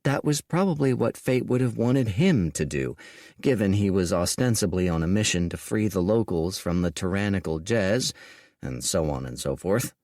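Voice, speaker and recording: Male audiobook narrator, low voice, lively intonation, slow, dry close sound. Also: no echo. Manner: slow, deliberate, expressive reading.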